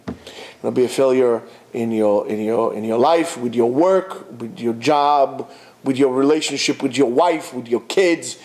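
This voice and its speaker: A man's voice: mid-range voice, normal speed, a little mellow. A man, a rabbi giving an informal, exhortative Torah talk to students, mixing in Hebrew terms. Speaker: rabbi teaching at a yeshiva.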